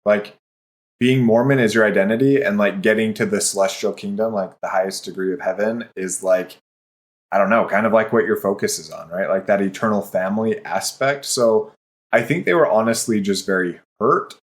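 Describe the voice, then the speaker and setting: Reflective man, somewhat low voice. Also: brisk. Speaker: podcast guest. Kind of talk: casual chat.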